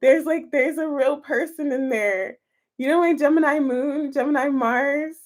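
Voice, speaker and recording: A woman's voice: high voice, unhurried. A woman tarot reader chatting casually with her live-stream viewers, giggly and chatty as she answers their comments.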